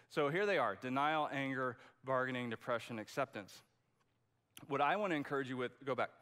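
A man's voice: medium pitch, fairly quick, sharp tone. A man preaching a sermon in a conversational, emphatic way, often restarting his sentences. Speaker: pastor.

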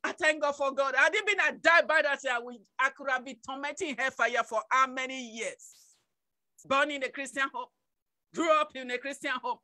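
Woman, evangelist, testimony sermon, emotional, repetitive, shouting bursts, dry close sound. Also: high voice, moderate pace, no room sound. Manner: emotional, repetitive, with sudden shouted outbursts and laughs.

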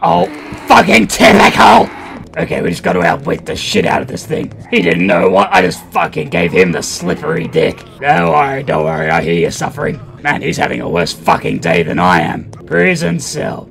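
A man's voice: deep voice, sing-song, fairly quick, vocal fry, few pauses. A man doing profane, joking let's play commentary while playing a horror game. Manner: crude, loud, profane joking. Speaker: gaming channel host.

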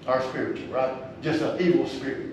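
A man preaching a conversational sermon, swinging from low asides to loud emphatic peaks and chuckling at his own points. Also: steady tone, moderate pace. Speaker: pastor. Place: church sanctuary. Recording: echoey church sanctuary with faint hum.

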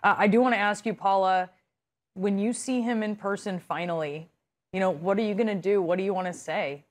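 A woman's voice: medium pitch, brisk. A woman anchoring a live news interview, asking empathetic, probing questions.

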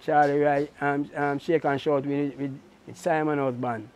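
A man's voice: a little high, fairly even intonation, a little slow, a little mellow, clear, resonant tone. A middle-aged man, a racehorse trainer telling stories in an interview, acting out other people's lines as he goes. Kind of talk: casual storytelling interview.

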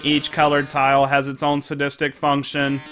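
A man's voice: on the high side, monotone, moderate pace, fairly bright tone, soft background music, natural voice. A man voicing a flamboyant, dramatic male robot TV star in a video game, drawing out "darling" with theatrical flair. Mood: gloating.

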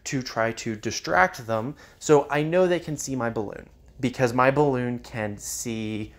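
A man's voice: medium pitch, a little slow. A man giving casual commentary on a strategy game, with many ums and uhs. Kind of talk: gameplay commentary.

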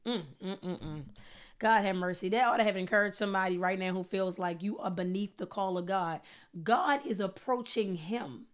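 A woman's voice: mid-range voice, moderate pace. A woman preacher delivering a sermon with fervent, emphatic repetition, building intensity as she speaks.

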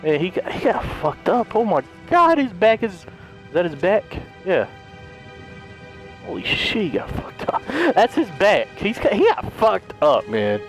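Young man, high voice, very lively, jumpy, swearing, gameplay commentary, faint game music behind. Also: moderate pace. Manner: jumpy, swearing, shrieks when startled. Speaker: let's play gamer.

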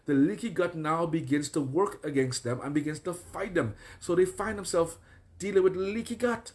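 A man's voice: on the high side, moderate pace. A man preaching a deliverance sermon as a prophet, listing troubles in repeated phrases and then commanding prayers. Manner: repetitive, declaring and commanding prayers.

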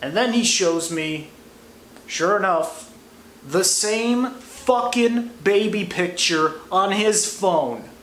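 A man's voice: high voice, animated, takes it slowly, a bit bright. A young American man giving a crude, sarcastic comedy monologue. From United States. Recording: echoey room, faint noise.

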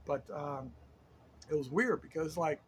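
A middle-aged man from Delaware tells a story casually, in a high voice, wandering off track with fillers and restarts. Faint ambience hums behind him. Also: a little slow, slight background noise. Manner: rambling, many fillers and self-corrections. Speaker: storyteller host.

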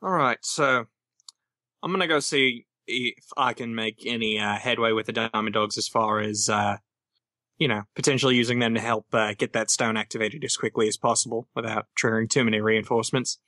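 Bright-voiced man thinking aloud at a game table. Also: fairly low pitch, steady tone, brisk, dry recording, studio quality. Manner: thinks aloud while planning strategy. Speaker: player.

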